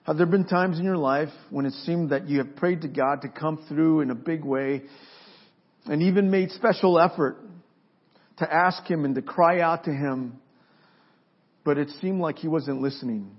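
A man preaching a sermon as pastor, pausing for effect and building to forceful emphasis. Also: fairly high pitch. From Mexico. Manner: preaching with dramatic pauses and rising emphasis. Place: church sanctuary. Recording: dull lo-fi sermon recording.

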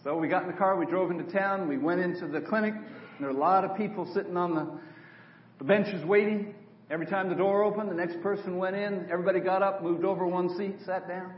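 A man's voice: high voice, quick pace. An older man, a preacher, telling a story in a sermon and acting out the dialogue. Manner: animated storyteller, quotes others in dialogue. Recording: echoey hall from far off, dull.

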